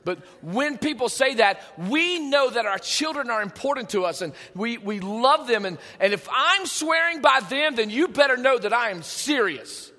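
A man preaching a sermon in a conversational, animated way, with joking asides to his congregation. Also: very high-pitched, normal speed, few pauses, big-room sound. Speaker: pastor. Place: church sanctuary.

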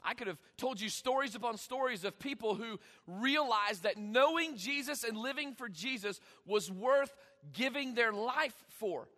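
A man preaching a sermon, emphatic, with dramatic pauses and sudden swings in volume. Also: extremely high pitch, sharp tone, big-room sound. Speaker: pastor.

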